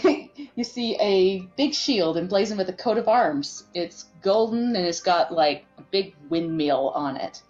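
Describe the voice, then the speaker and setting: A woman's voice: mid-range voice, expressive, unhurried, darkish tone, dull audio, soft background music. A woman running an online tabletop game as game master, describing scenes casually with many fillers.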